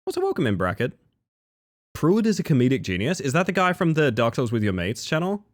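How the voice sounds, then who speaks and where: Male streamer from Western Australia, casual rambling chat, animated pitch, desk mic. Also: fairly quick. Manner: chatty, rambling, laughs often.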